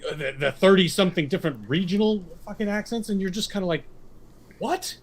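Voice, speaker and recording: A man's voice: sits high, expressive, fast talker. A man on a casual podcast, crude and joking. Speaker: podcast co-host.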